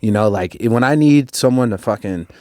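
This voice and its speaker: A young man from Colorado, a podcast guest telling a story casually, with lots of fillers and restarts, his voice jumping up when he gets excited. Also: mid-range voice, moderate pace, no echo. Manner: rambling, many fillers and restarts, rises sharply when excited.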